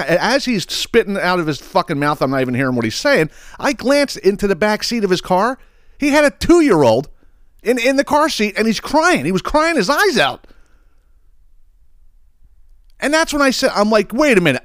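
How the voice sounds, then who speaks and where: A man hosting a podcast, telling a story in a heated, profane, animated way with lots of restarts. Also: sits high, moderate pace, no room sound, clean studio sound. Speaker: podcast host. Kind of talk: casual storytelling monologue.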